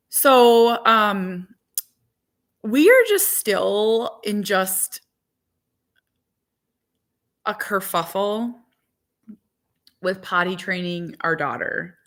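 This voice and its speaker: A woman's voice: medium pitch, lively intonation, very slow, pauses often, a bit bright. A woman in her forties chatting casually to viewers as a vlogger and mother of four, rambling with lots of "like". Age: 40s. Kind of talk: casual chat to live viewers.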